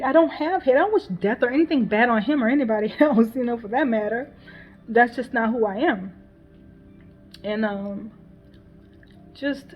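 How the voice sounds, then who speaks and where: A woman's voice: fairly high pitch, a little hiss or hum. Upset mother venting on a vlog. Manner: emotional, repeats herself, swears, laughs bitterly. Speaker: mother venting on her channel. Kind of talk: casual personal vlog, talking things through. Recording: dull lo-fi sound.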